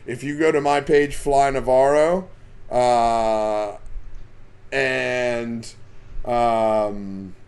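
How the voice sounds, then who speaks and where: A man's voice: mid-range voice, fairly even intonation, very slow, a little mellow. A man hosting a casual live stream about fishing, chatting and reading out the names of viewers as they join.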